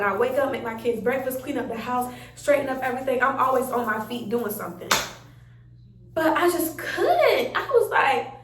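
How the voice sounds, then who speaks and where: A young woman tells a story in a casual, chatty way, acting out her own reactions. Her voice sits high. She sounds a little away from the mic in a roomy space at home. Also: far from the mic, slight background noise. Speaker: vlogger telling a story.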